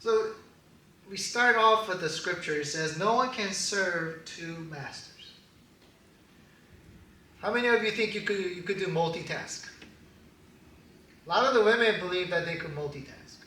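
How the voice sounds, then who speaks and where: A man preaching a casual sermon as pastor, animated and quick to laugh at his own jokes. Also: high-pitched, slight background noise. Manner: animated, laughing, joking asides. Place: church hall. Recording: echoey hall, distant mic.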